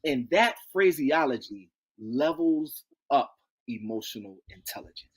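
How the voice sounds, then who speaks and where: A man as an interview guest, telling stories in a lively, folksy way, acting out quotes and repeating key phrases. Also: mid-range voice, a little slow, slightly rough. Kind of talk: animated interview storytelling.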